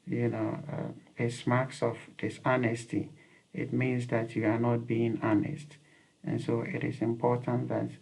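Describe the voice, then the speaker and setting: A man talks straight to the viewer in an earnest teaching manner, repeating his points. His voice is gravelly and a little husky, and his pitch sits in an ordinary middle range. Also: a little mellow, low-quality recording. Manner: earnest, repeats key points, frequent fillers. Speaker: visa interview advisor. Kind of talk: instructional talk to camera.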